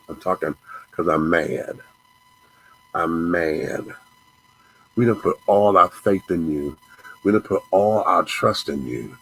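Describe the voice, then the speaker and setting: Man, host, deep gravel-free husky voice, angry profane rant. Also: slow pace, long pauses, fairly bright tone, low-quality recording. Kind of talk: ranting commentary.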